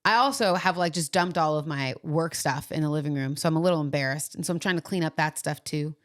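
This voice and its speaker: A woman co-hosting a podcast, telling a story in casual chat and acting out what people said. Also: fast. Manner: animated retelling, acts out quoted lines in a higher voice. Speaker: podcast co-host.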